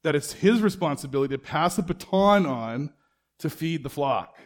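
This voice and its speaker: His voice sits on the high side, with lively intonation and a moderate pace. The pastor keeps his sermon conversational, asking the congregation rhetorical questions and dramatizing short exchanges.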